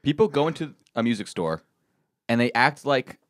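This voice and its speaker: Lively man on a comedy podcast. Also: medium pitch, moderate pace, dry recording, studio quality. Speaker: co-host. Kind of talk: casual comedy podcast chat.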